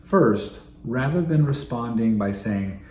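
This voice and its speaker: Calm male therapist, explanatory, mellow voice, roomy echo, faint ambience. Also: medium pitch, takes it slowly, slight background noise. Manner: calm, explanatory, repeats key phrases. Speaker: child and family therapist. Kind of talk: advice talk to camera.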